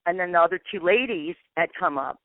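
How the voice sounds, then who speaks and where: A woman with a lowish, lively voice talks a little fast over a tinny, dry phone line with no room sound. She's a paranormal investigator telling a long, rambling story in a phone interview, acting out the dialogue with "I'm like."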